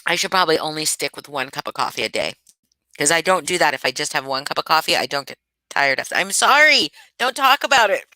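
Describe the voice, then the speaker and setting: A sleepy woman chats loosely with her livestream viewers from home and calls them by name. Her voice sits a little low but has a bright, forward edge. The sound is dry and close. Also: fast talker, dry recording, low-quality recording. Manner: rambling and chatty, addressing viewers by name. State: sleepy and yawning. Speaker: livestream host. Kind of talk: casual chat with livestream viewers.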